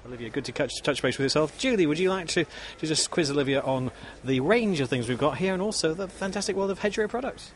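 A man hosts a roving interview at an outdoor show, talking quickly. He rambles and jokes between questions. Clear background noise fills the recording. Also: fairly high pitch, lively intonation. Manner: chatty, rambling, jokey. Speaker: show host.

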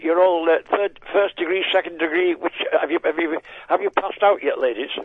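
An older comedian bantering on a radio show, mock-shocked and full of wordplay. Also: male voice, a little high, a little fast, breathy edge, dry recording, narrow, tinny audio. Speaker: comedian guest.

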